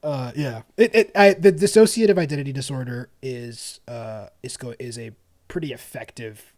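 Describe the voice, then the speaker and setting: Animated man co-hosting a podcast. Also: mid-range voice, normal speed. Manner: animated, laughs often, lots of restarts. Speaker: podcast co-host. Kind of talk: casual chat.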